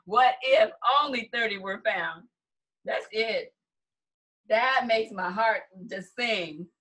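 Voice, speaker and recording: A woman co-hosting a casual Bible study chat, commenting with animated, laughing energy and quick restarts. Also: mid-range voice. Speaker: podcast co-host.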